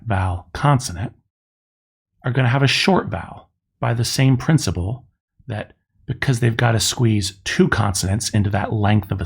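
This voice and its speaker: Casting note: middle-aged male teacher, low gravelly voice, patient and methodical lecture delivery. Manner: slow, methodical explaining, spelling out sounds. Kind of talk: recorded classroom lecture.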